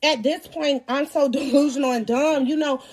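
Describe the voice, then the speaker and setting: A young woman hosting a live stream, telling a personal story in a loud, animated way, cursing freely and laughing often. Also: high voice, moderate pace. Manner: animated, profane and laughing as she tells the story.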